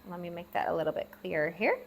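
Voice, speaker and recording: A woman teaching a language lesson, patiently repeating words slowly and spelling them out. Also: on the low side, expressive, a little hiss or hum. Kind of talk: classroom-style language lesson. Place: lives abroad in Southeast Asia.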